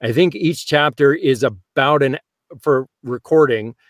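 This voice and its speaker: A man's voice: medium pitch, unhurried, no echo. Male host, mid voice, conversational and emphatic; dry close recording. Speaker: host and audiobook narrator. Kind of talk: casual panel chat.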